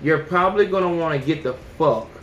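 A man's voice: fairly high pitch, a little fast, dull audio. A man hosting a podcast, giving blunt and heavily profane opinions in a casual monologue. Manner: blunt and heavily profane, often says "you know what I'm saying". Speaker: podcast host. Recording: echoey room with faint noise.

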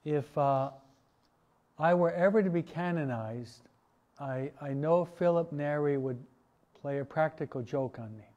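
A man, a priest, teaching a parish catechesis class in a relaxed, conversational way, asking his listeners questions. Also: on the high side, measured pace, highs cut off. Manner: conversational, asks the audience questions, many restarts and asides. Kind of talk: informal parish teaching talk.

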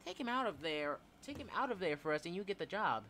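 A man voicing a high-voiced, overly helpful job recruiter in a game. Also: big pitch swings, fast talker, pushed and bright, a little hiss or hum, heavily acted. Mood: chirpy.

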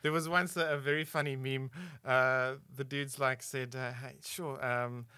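A man's voice: mid-range voice, flat delivery, measured pace, pushed and bright, clear, resonant tone, no room sound. A South African man co-hosting a podcast, rambling playfully with many fillers. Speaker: podcast co-host. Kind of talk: casual chat.

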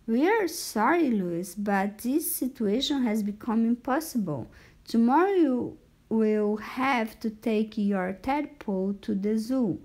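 A woman's voice: fairly high pitch, animated, takes it slowly, darkish tone, heavily acted. A woman voicing a boy's firm, sensible parents in a children's storybook reading. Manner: firm, stern. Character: stern sensible parents of a boy.

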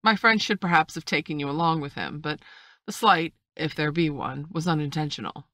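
A woman voicing a calm, shrewd doctor. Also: low-pitched, no echo, clean studio sound. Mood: measured. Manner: measured and reasonable. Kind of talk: audiobook reading.

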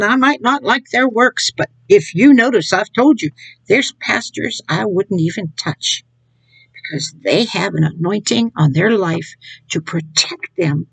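Slow, gravelly-voiced woman preaching. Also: mid-range voice, no echo, poor audio. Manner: mocking, laughs at what she describes; acts out others' words in scornful quotes. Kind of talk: informal sermon to an online audience.

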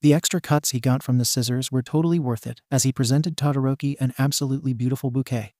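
A man reading a fan-fiction story aloud as scripted narration, in an even storybook manner. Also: mid-range voice, quick pace, dry recording, studio quality.

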